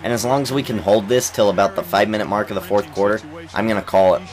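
A young man giving casual, excitable let's-play commentary on a basketball game, coughing now and then while getting over an illness and trash-talking the players on screen. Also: fairly low pitch, fast talker. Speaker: gaming YouTuber.

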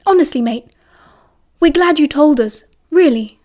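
A woman's voice: sits high, lively intonation, measured pace, a little mellow. A woman with a British accent voicing a cheerful, eager teenage boy who reassures his friend.

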